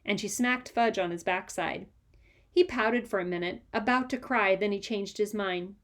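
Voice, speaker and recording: A woman reading a children's chapter book aloud with lively, expressive narration. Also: mid-range voice, normal speed. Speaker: reader. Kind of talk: storybook read-aloud.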